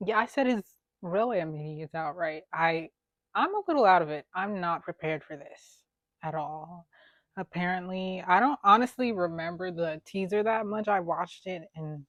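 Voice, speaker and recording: A woman's voice: lowish voice, fairly bright tone, no echo, clean studio sound. A woman hosting a casual reaction video, rambling playfully, laughing often and talking to an unseen friend. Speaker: YouTube reaction host. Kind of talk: casual reaction vlog chat. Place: home room at her computer. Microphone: computer setup with camera.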